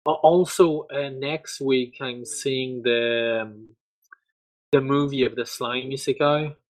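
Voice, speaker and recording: A man's voice: medium pitch, fairly even intonation, slow pace, low-quality recording. A man co-hosting a podcast who stammers and repeats words, often ending remarks with a questioning "no?". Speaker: podcast co-host. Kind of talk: casual chat.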